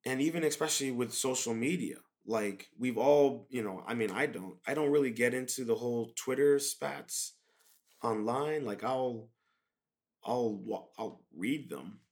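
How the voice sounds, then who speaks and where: Man, podcast host, casual monologue, laid-back, rambling, lots of ums, mid-pitched voice. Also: unhurried.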